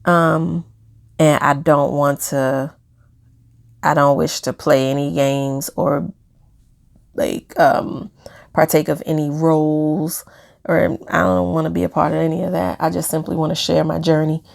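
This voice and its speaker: A woman's voice: deep voice, little pitch movement, a little slow, vocal fry. A woman sharing a reflective personal video diary, hesitant, with many fillers and small laughs. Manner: soft-spoken, hesitant, many fillers, laughs while talking about pain. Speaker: vlogger.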